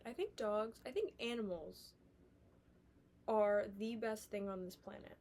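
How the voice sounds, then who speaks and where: A young woman musing aloud in a casual, rambling vlog monologue, sometimes sliding into soft whispers. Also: mid-range voice, unhurried, a little hiss or hum. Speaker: vlogger. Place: indoors, sitting on the floor.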